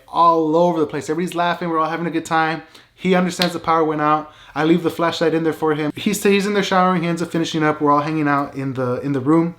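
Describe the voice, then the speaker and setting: Animated man telling a story, fairly high voice. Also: a little hiss or hum. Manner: animated, emphatic, many "like" and "right?" fillers. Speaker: vlogger. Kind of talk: casual storytelling.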